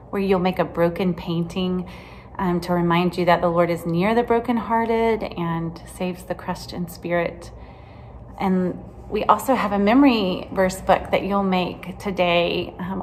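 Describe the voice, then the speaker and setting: A woman with a somewhat low voice teaches a children's Bible lesson. She is gentle and chatty and keeps asking the kids questions. A faint noise sits under the recording. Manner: gentle, chatty, asks questions with many "right?"s.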